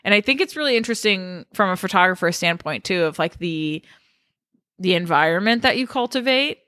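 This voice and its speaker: A woman's voice: on the low side, lively intonation, a little fast, pushed and bright, no echo, clean studio sound. A woman co-hosting a podcast in casual chat, rambling with lots of "like" fillers. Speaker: podcast co-host.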